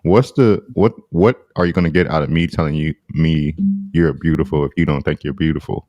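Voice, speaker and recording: A man's voice: rumbling low, brisk, a little mellow, dry recording. A man co-hosting a casual podcast discussion, talking in an agreeable, slangy way.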